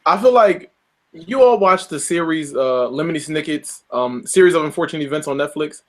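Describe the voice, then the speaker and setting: A man co-hosting a casual talk show, animated and quick to mimic others in quotes. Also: fairly high pitch. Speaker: podcast co-host. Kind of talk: casual chat.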